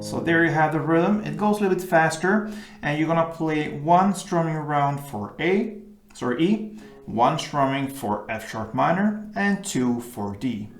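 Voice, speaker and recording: A man with a gravelly, creaky voice talks unhurriedly through an acoustic guitar tutorial. He explains each chord shape patiently, one step at a time. The room adds a noticeable echo around him. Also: a little high, lively intonation, measured pace. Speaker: guitar teacher.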